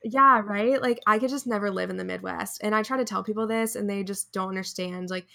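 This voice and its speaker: Bright-voiced chatty young woman. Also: medium pitch, steady tone, fairly quick, vocal fry. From near Raleigh, North Carolina. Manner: chatty, lots of "like", laughs often. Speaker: podcast co-host. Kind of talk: casual chat.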